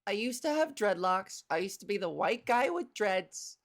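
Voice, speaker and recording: A woman's voice: medium pitch, animated, moderate pace. A woman hosting her own solo comedy podcast, talking casually from home into a microphone, rambling, self-deprecating and swearing freely. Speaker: podcast host and stand-up comedian.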